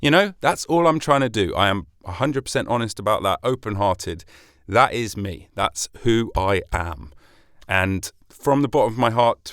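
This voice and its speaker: A man's voice: medium pitch, fairly bright tone, smooth, no room sound, studio quality. Chatty British man hosting a podcast. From Britain. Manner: chatty, rambling, self-deprecating with swearing. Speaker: podcast host. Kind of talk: solo podcast monologue.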